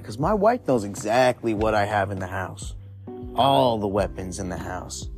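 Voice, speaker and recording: A man with a fairly low voice recounts a frightening night in loose, rambling podcast talk, swearing often. Faint music sits quietly under his voice. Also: expressive, moderate pace. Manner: profane, rambling, conversational. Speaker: podcast host. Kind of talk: casual spooky storytelling.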